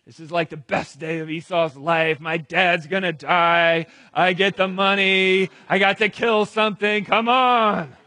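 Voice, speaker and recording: A man putting on a loud, whiny, begging hunter son. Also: on the high side, little pitch movement, normal speed, hardly any pauses, no room sound. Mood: eager. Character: blustering grown man, desperate pleading hunter son.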